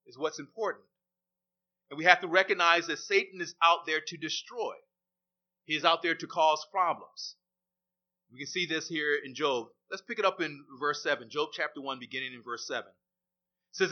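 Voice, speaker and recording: Man, preacher, sermon, emphatic, repeats phrases, high-pitched, dull lo-fi recording. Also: animated, moderate pace.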